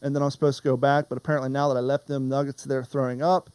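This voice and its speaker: A man's voice: mid-range voice, level tone, quick pace, darkish tone, clean tone, no room sound. A man hosting a podcast in casual chat, rambling and wandering off topic. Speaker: podcast host.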